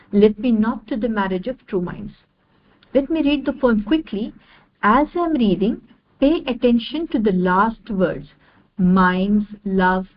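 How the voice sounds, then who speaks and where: Measured woman lecturing over slides. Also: a little high, lo-fi sound. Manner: measured, repeats definitions step by step.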